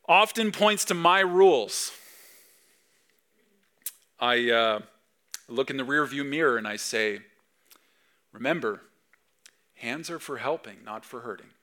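A man in his thirties, a pastor preaching a sermon with emphatic swings between loud and soft. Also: mid-range voice, clear, resonant tone. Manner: acts out dad talking to his kids.

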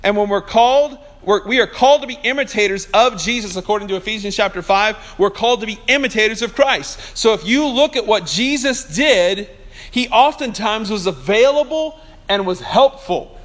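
A man with a notably high-pitched voice preaches to his congregation in a church. He keeps it conversational, teasing people in the pews and asking for an amen now and then. His tone is that of a pastor chatting from the pulpit more than an orator. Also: normal speed, fairly bright tone. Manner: calls for amens from the congregation. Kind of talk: sermon.

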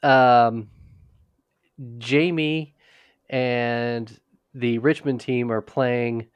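A man on a podcast chats casually through a TV episode recap. He rambles, restarts his sentences and drops in quick character quotes. His voice sits in the middle range and sounds dry and close. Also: mid-range voice, steady tone, clear, resonant tone, no echo. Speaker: podcast co-host.

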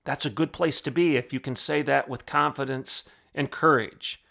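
A man's voice: mid-range voice, steady tone, normal speed, creaky, bright, forceful tone. A man hosting a podcast, preaching in emphatic, repetitive declarations. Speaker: podcast host.

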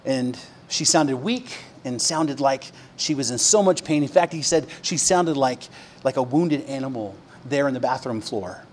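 A man preaching a sermon, conversational with fillers, dropping to a hush and then rising to emphatic peaks. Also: medium pitch, animated, normal speed, slight background noise. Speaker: pastor.

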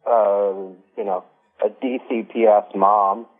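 A man's voice: fairly low pitch, fairly even intonation, slow. Hesitant male caller on a phone line. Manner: hesitant, many ums and uhs. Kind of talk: casual call-in chat. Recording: tinny phone line with faint music.

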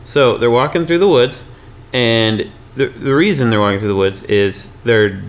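A man's voice: mid-range voice, normal speed. A man hosting a podcast, improvising a story in a rambling, playful way with sound effects. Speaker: podcast host.

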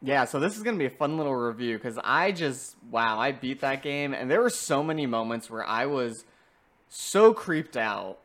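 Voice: medium pitch, big pitch swings, normal speed, a bit bright. A podcast co-host recapping a video game story in a casual, enthusiastic review chat, with many fillers.

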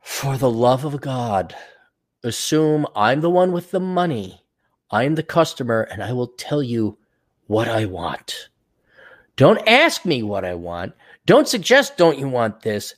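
A man's voice: mid-range voice, big pitch swings, takes it slowly. A middle-aged man hosting a podcast, ranting bluntly and sarcastically with plenty of profanity. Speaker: podcast host.

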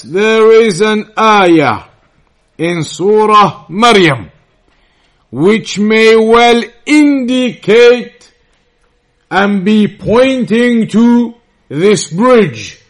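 A man with a high, light voice teaches scripture at a slow, measured pace. He repeats key phrases and pauses to put questions to his listeners, as in an evening lesson. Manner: recites Arabic quickly and quietly between English explanation. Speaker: Islamic teacher. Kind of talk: slow, deliberate religious lesson.

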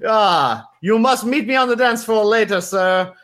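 A man's voice: sits high, measured pace, fairly bright tone, pitched above the performer's own voice. A man voicing a flashy male party guy in a slick suit, showy and boisterous.

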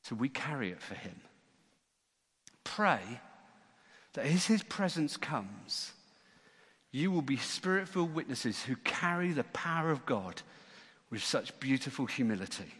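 A man preaching a sermon as church leader, lively and acting out the voices in a Bible story. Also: mid-range voice, unhurried, long pauses, breathy edge. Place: church hall. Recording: long church-hall reverb.

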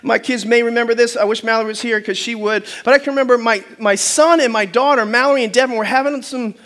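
A man's voice: very high-pitched, fast. A male pastor preaching a sermon, telling funny stories, doing voices and calling the congregation to answer back. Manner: animated storytelling with funny voices and audience call-and-response; loud preaching bursts.

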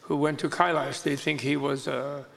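A man telling a teaching story in casual conversation, lively and amused, laughing between lines. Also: fairly high pitch, moderate pace, vocal fry. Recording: long hall reverb.

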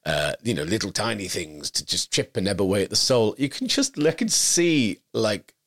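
A young adult man, co-hosting a podcast, chatting casually and telling stories in an animated way. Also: fairly low pitch, normal speed. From York, England. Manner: animated, storytelling, puts on voices. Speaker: podcast co-host. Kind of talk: casual chat.

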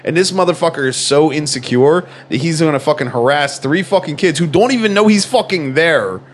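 A man's voice: a little high, fairly quick, slight background noise. A man in casual chat, telling a rambling, profane story full of fillers.

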